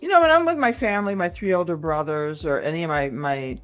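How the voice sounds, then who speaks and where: A woman in her sixties, from Michigan, talking as a comedian guest in a casual interview, animated and full of quick asides and restarts. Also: lowish voice, soft background music. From Michigan, USA. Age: 60s.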